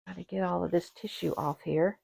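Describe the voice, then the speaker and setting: A woman hosting an orchid channel, chatting to her viewers in a gushing, excitable way while unboxing at a table indoors. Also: lowish voice, a little fast, gravelly, husky, no echo. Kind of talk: casual unboxing chat to viewers. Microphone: camera set on the table.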